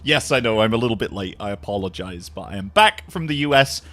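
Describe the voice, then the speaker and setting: A man chatting casually with his livestream viewers, jet-lagged, animated, swearing freely and laughing often. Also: lowish voice, fast. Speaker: live streamer.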